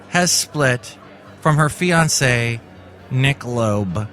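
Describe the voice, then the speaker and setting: A man's voice: mid-range voice, takes it slowly, fairly bright tone, faint music behind. A man hosting a casual commentary show, rambling and correcting himself as he goes. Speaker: host.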